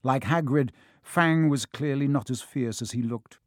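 Male audiobook narrator, mid-pitched, expressive, dry studio sound. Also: a little slow, no echo. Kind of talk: storybook narration.

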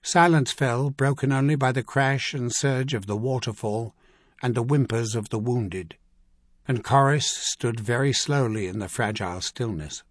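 A man reading an adventure novel aloud as narrator, measured and vivid. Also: mid-range voice, no room sound, clean studio sound. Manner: measured, vivid storytelling with acted dialogue. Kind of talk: scripted audiobook narration.

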